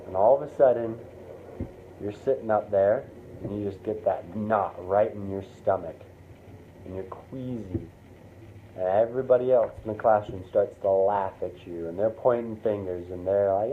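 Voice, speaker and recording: A man telling a motivational story in the second person, animated and acting out the scenes, heard over a tinny line. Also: lowish voice, normal speed. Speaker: motivational speaker. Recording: tinny phone-like sound, faint noise.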